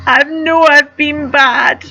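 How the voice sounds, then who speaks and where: A woman's voice: sits high, steady tone, takes it slowly, sharp tone, highs cut off, soft background music, full character voice. A woman voicing a remorseful adult male book thief who sniffles as he apologizes, in a storybook reading.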